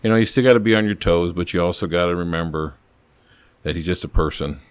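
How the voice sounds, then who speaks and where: An older man with a very low, deep voice tells stories from his long police career in an earnest, halting way. He often stops and restarts his sentences as he talks. The sound is dry and close, with no room around it. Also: clear, resonant tone, no room sound. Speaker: retired police officer, podcast guest. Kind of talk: casual storytelling chat.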